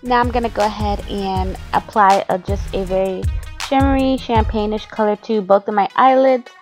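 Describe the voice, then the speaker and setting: A woman's voice: medium pitch, fairly even intonation, moderate pace, over music. A young woman talking casually through a makeup tutorial, upbeat and chatty with many fillers. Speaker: beauty vlogger.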